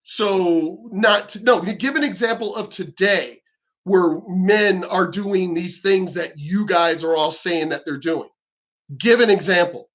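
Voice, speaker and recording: Male vlogger, high voice, angry profane rant with stammered restarts. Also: slow, fairly bright tone. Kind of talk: angry ranting monologue.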